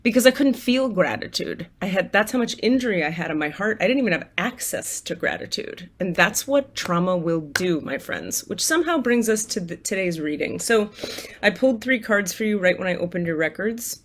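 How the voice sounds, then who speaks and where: A woman's voice: mid-range voice, lively intonation, a little fast, a little hiss or hum. A woman talking casually to her viewers from home, candid and chatty, swearing freely and laughing often as she leads a gratitude list. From United States. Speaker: spiritual coach and tarot reader. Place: apartment at home.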